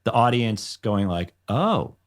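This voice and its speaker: A man's voice: lowish voice, brisk. A man, guest on a podcast, telling behind-the-scenes stories in a rambling, self-deprecating way with lots of fillers. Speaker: podcast guest, show creator. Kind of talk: casual podcast conversation.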